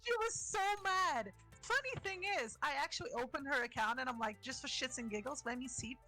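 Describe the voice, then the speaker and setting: A woman's voice: high-pitched, expressive, a little fast, sharp tone, soft background music. A young woman co-hosting a podcast, chatting and laughing through stories about call center customers. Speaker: podcast co-host. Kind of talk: casual chat.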